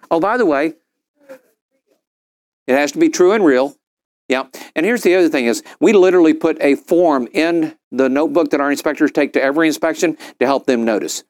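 Middle-aged man, animated group speaker, slightly higher voice, raises it for quoted lines. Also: clear, resonant tone. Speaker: speaker at a business mastermind. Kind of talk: storytelling talk to a group.

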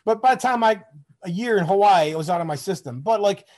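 A man's voice: high voice, animated, fast talker, darkish tone. Rambling, profane middle-aged man. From Michigan, US. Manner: rambling, profane, acts out quoted voices. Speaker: guest, Army veteran. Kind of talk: casual storytelling interview.

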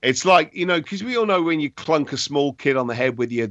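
A man's voice: on the high side, expressive, fairly quick, fairly bright tone, dry recording. A man talks shop about his photography work in easy, rambling podcast chat. He laughs at himself and tells stories with a light, self-deprecating touch. The sound is dry and close, with no room at all. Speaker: podcast guest, wedding photographer.

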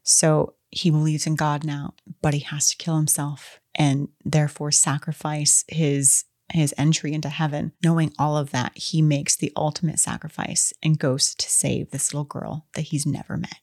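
A woman's voice: low voice, flat delivery, moderate pace, few pauses, darkish tone, no room sound, clean studio sound. A woman co-hosting a podcast, chatting casually about a film with enthusiastic, openly emotional fan talk. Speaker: podcast co-host.

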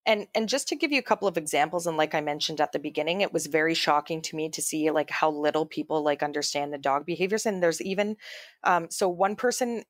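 A woman's voice: low voice, fast talker, no echo, clean studio sound. A woman co-hosting a podcast, telling stories in a loose, chatty way with many fillers and restarts. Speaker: podcast co-host. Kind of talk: casual chat.

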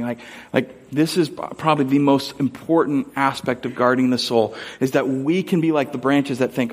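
A man's voice: medium pitch, fairly even intonation, moderate pace. A man preaching a sermon as a pastor, talking casually and acting out little scenes and quotes as he goes. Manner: conversational, storytelling with acted-out quotes.

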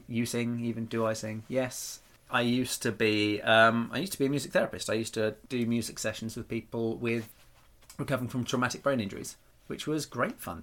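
A podcast host from Norfolk, England, chats casually, joking, rambling, and laughing often. His voice is medium-pitched with a fairly bright tone.

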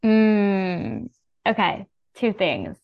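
Extremely slow and swinging widely in pitch, a mid-range female voice guides a casual breathing session. There's no echo, though the high frequencies are cut off. She's calming and earnest, and her speech is thick with "like."

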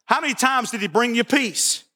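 A man preaching a sermon in a church, animated and joking, often repeating his words. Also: very high-pitched, moderate pace, big-room sound. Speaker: pastor.

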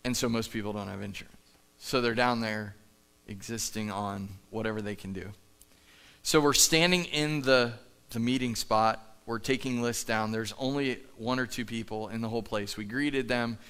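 In a church sanctuary, a pastor preaches at a moderate pace, his medium-pitched voice smooth and a bit bright, with a Midwestern American accent. Picked up by a live stage mic, he shares a story in an earnest, conversational style and acts out the spoken lines.

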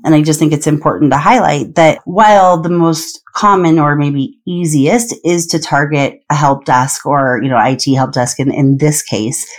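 Low-voiced woman hosting a podcast. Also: normal speed, hardly any pauses. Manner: thinks aloud with many fillers and restarts. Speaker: podcast host. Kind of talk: conversational interview.

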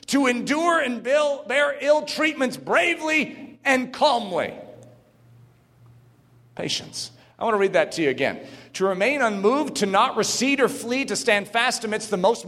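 Male preacher, high voice, fervent sermon delivery with shouted peaks, big hall reverb. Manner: reads quotes aloud, adds asides.

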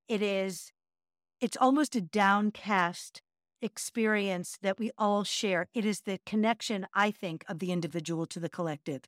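Her medium-pitched voice is animated and moves at a normal speed, with clean studio sound and no room sound. A middle-aged yoga teacher co-hosting a podcast, she chats casually and earnestly as she teaches a chanted breathing practice and laughs at herself.

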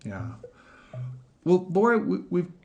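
A man hosting a podcast interview, talking in a relaxed, animated way and laughing often. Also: high-pitched, takes it slowly, vocal fry, lo-fi sound. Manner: animated, laughs often, puts on voices in quotes. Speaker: podcast host. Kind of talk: casual interview chat.

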